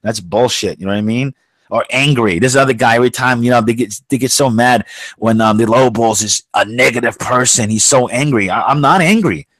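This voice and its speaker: In a casual opinion rant, a podcast co-host speaks bluntly and profanely, noting that he sounds a bit aggressive. His medium-pitched, slightly bright voice moves fairly quickly, with no room sound.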